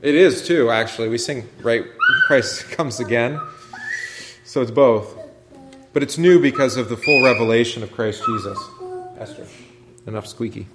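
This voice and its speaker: The recording is very noisy as a pastor teaches a Bible study class conversationally. He speaks at normal speed in a mid-range voice, asks the group questions, and restarts a lot.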